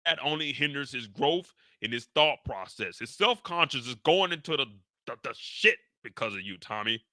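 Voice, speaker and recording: A man voicing an indignant middle-aged father who lectures loudly. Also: medium pitch, expressive, normal speed, dry recording, studio quality. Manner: loud, pleading, lecturing.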